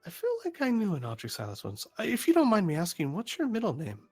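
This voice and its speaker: A man's voice: high-pitched, huge pitch swings, darkish tone, breathy edge, soft background music, voice pushed up, exaggerated voice. A man playing a polite male journalist who stumbles and apologizes often in an online tabletop game. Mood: apologetic. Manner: halting, over-apologetic.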